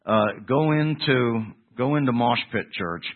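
A man preaching a sermon in a conversational way, restarting phrases and moving between loud emphasis and quiet asides. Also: mid-range voice, unhurried. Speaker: pastor. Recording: tinny phone-like sound.

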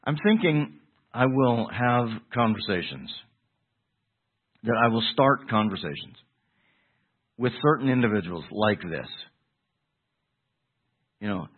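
A man preaching a sermon in a conversational way, restarting phrases and moving between loud emphasis and quiet asides. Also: mid-range voice, lively intonation, slow pace, long pauses. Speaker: pastor. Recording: tinny phone-like sound.

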